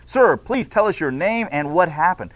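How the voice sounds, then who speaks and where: A man's voice: fairly high pitch, animated, moderate pace, close to an everyday voice. A man voicing an eager male field reporter at a crime scene.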